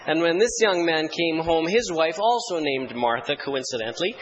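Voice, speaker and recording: A man's voice: on the high side, expressive, normal speed, highs cut off. A man preaching a sermon, telling humorous church stories with dry wit before turning to scripture. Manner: dry storytelling humor, mock-solemn archaic hymn recitation. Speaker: pastor.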